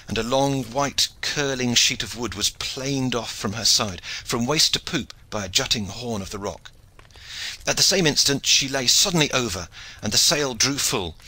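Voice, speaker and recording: A man reading a historical adventure audiobook in expressive narration. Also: mid-range voice, breathy edge, rough recording. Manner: expressive storytelling. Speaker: audiobook reader. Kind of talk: scripted narration.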